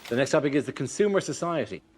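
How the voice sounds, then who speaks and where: A man's voice: on the high side, animated, fast. A male host announcing topics and thanking panelists with brief formal links. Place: TV studio with live audience. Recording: loud audience laughter, noisy studio.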